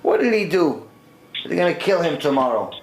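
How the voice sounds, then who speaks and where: Man voicing a scared young mother pleading for her baby, lively pitch, echoey room. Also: moderate pace, slight background noise. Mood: worried. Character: frightened Jewish mother of a newborn.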